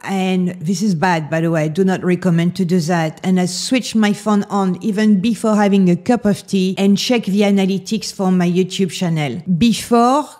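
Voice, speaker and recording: A woman's voice: mid-range voice, warm tone. A middle-aged woman with a French accent, speaking frankly and emotionally to camera as a fashion YouTuber. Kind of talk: candid vlog to camera.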